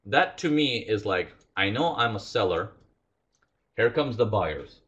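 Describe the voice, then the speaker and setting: A man's voice: on the low side, expressive, a little slow, a bit bright, dull audio. A man teaching a live trading lesson, asking his audience questions and acting out traders' inner thoughts. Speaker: trading instructor.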